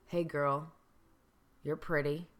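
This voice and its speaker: A woman voicing a creepy man catcalling a woman, in a low, drawn-out, leering delivery. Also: flat delivery, darkish tone, lightly acted.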